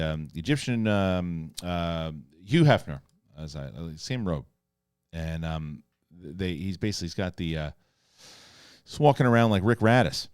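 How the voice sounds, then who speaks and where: Animated man rambling through a review. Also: low-pitched, smooth, no echo, studio quality. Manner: excited, rambling retelling with many restarts. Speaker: show host reviewing a TV episode. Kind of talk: casual spoken review.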